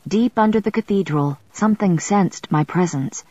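A woman narrating a novel in the first person, in a wry and measured storytelling manner, in a slightly muffled recording. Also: mid-range voice, a little mellow, no echo. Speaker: audiobook narrator.

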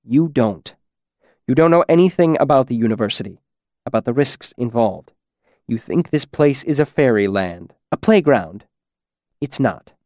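A man's voice: medium pitch, animated, normal speed, a little mellow, dry recording, studio quality, lightly acted. A man voicing a stern, eccentric university master who gives clipped orders, read as an audiobook character. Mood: curt.

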